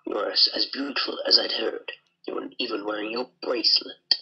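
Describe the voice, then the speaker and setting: A man voicing a greedy, scheming soldier villain in a video game, sneering and slipping into breathy whispered laughs. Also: fairly low pitch, steady tone, a little fast, bright, forceful tone, highs cut off, exaggerated voice. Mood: menacing. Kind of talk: amateur voice acting over a video game.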